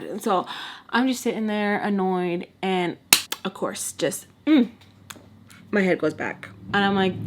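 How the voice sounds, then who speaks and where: Young woman vlogger, casual storyteller, mid-range voice, animated, acts out dialogue, slips into whispers. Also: mid-range voice, normal speed, background noise.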